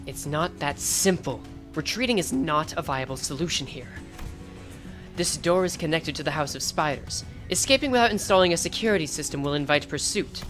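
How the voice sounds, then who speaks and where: A woman voicing a calm, serious character from a game story who speaks in a grave, measured, formal way. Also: deep voice, faint music behind, pitched below the performer's own voice.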